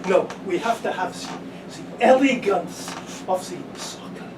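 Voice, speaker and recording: A man's voice: high voice, animated. A man putting on a stammering French expert. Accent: put-on French. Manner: halting, stammering, emphatic. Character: pompous French language and soccer expert, man. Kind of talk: improv comedy scene. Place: stage in front of an audience. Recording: echoey stage, far mic, background noise.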